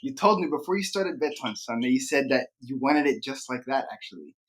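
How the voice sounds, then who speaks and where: A man hosting a podcast interview, laid-back and slangy, with quick reactions. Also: medium pitch, lively intonation. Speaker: podcast host.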